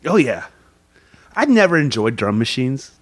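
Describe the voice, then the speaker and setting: A man's voice: mid-range voice, very animated, moderate pace, no echo. Man, podcast co-host, casual banter, joking, occasional swearing, dry recording. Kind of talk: casual chat.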